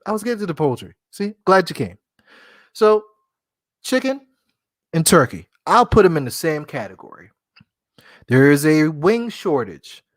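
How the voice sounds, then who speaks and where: A man's voice: a little high, very animated, moderate pace, long pauses, no echo. Rambling, jokey male podcast host, dry sound. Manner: rambling, jokey, laughs at himself. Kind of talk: casual solo podcast talk.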